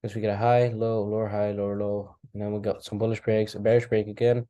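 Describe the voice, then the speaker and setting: A man casually talking through a chart recap, thinking aloud with relaxed asides. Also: lowish voice, fast talker. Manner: relaxed, talks to himself while charting, asides and apologies. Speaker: trading recap host. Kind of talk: casual screen-share commentary.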